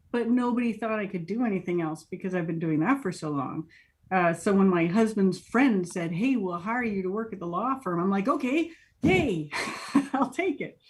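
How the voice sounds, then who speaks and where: Chatty, laughing American woman in her thirties. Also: medium pitch. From United States. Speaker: interview guest. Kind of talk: casual interview.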